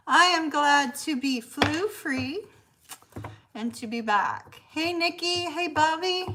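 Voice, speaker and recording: A woman's voice: high-pitched, sharp tone, slight background noise. A woman hosting a tarot livestream from her apartment, chatting casually, greeting viewers by name and laughing often.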